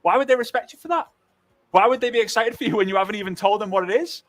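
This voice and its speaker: A man giving sales coaching to camera, jokey and animated, acting out sample phone calls. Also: high voice, very fast.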